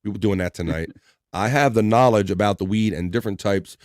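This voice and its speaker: A man's voice: lowish voice, brisk, a little mellow, dry recording, clean studio sound. A man hosting a live stream in a rambling, laid-back way, chatting casually and chuckling as he goes. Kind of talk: casual chat.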